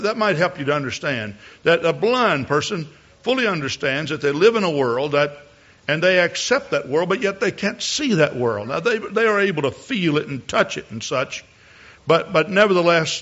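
A man's voice: on the high side, expressive, moderate pace, fairly bright tone, lo-fi sound. A male preacher giving a sermon from the pulpit, often repeating words as he builds a point and rising to emphatic peaks. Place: church pulpit.

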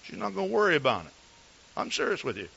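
A pastor preaching in a folksy, earnest storytelling manner, his voice on the higher side for a man and animated, rising and falling as he tells his tales. The recording is slightly dull and lo-fi. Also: fast talker, vocal fry, slightly rough. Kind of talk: sermon with personal stories.

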